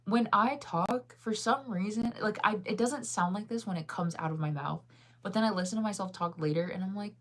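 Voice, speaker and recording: A woman's voice: medium pitch, fairly quick, fairly bright tone. A young woman vlogging in a casual, rambling chat, enunciating her words fully and laughing often.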